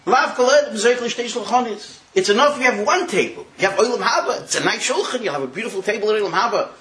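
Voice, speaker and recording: A man voicing an elderly male sage who gently teases and reassures a weeping friend. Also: high voice, lively intonation, fast talker, echoey room. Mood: reassuring.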